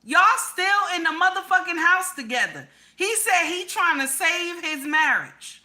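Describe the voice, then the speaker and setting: A woman's voice: very high voice, lively intonation, a little slow, sharp tone. A woman giving relationship advice in a profane, emphatic monologue, repeating her points over and over. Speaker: relationship commentator.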